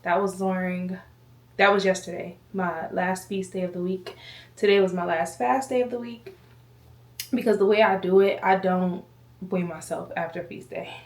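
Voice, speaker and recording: Speaking at a normal speed, a woman with a darkish, medium-pitched voice chats casually to camera from her home. She's slightly winded, rambles, and calls viewers y'all, and the echoey room leaves her sounding far off.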